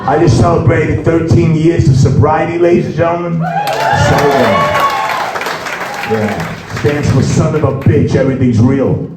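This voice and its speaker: Rambling profane New comic, echoey club. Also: male voice, mid-range voice, normal speed, music in the background. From New York. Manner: rambling, profane, peppered with "you know". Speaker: stand-up comedian. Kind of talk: stand-up comedy set. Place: comedy club with a live audience. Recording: echoey club with loud crowd.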